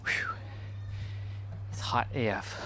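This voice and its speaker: A man's voice: medium pitch, wildly swooping pitch, takes it slowly, gravelly, background noise. A man talking loosely in a casual vlog, meandering with many fillers, outdoors on a hot day. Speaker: spiritual vlogger.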